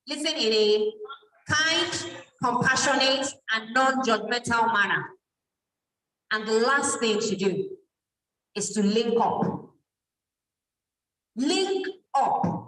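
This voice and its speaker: A middle-aged Nigerian woman speaks to a church youth gathering at an unhurried pace, often stopping to ask the audience questions. Her voice is a touch high. She is recorded from a distance in a large, echoing hall. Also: a bit bright. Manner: asks the audience questions and answers them. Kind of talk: motivational talk to an audience. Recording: echoey hall, mic from far off.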